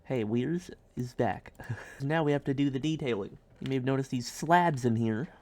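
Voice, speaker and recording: A man's voice: medium pitch, normal speed. Man, casual game streamer, rambling, goofy, sudden silly yelps, keyboard clicking in the background. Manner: goofy, rambling, bursts of silly loud outbursts. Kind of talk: casual gameplay commentary.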